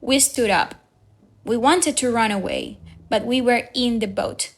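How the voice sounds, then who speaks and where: A woman reading a storybook aloud for young learners, slow, clear and careful. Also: on the high side. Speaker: reader.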